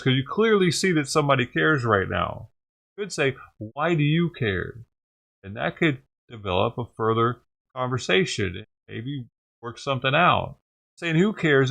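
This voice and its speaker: A man's voice: medium pitch, creaky, fairly bright tone. A man hosting a vlog who rants and swears heatedly while reacting to a news clip. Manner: heated, ranting, swears often. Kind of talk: profane reaction commentary.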